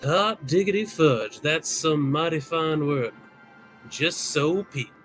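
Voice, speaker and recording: A man's voice: a little high, takes it slowly, fairly bright tone, soft background music, low-quality recording. A man co-streaming a game, reading character lines and hamming up a put-on Southern accent. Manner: playful, drawls in a put-on Southern voice.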